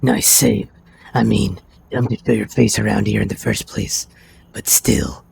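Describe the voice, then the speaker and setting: A man putting on a gravelly Nosferatu vampire. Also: steady tone, moderate pace, a little mellow, slight background noise. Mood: gruff. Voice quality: gravelly, deep. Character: gruff male Nosferatu vampire, cigar-smoking schemer.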